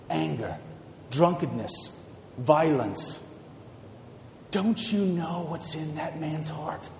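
A man voicing the devil as a sly male tempter, low, hushed and taunting, in a sermon. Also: a little hiss or hum. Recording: long hall reverb.

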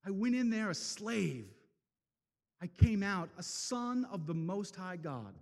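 A man preaching an impassioned sermon, swinging from loud declarations to hushed, slow passages. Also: sits high, animated, creaky, in a large hall. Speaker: speaker at a men's event.

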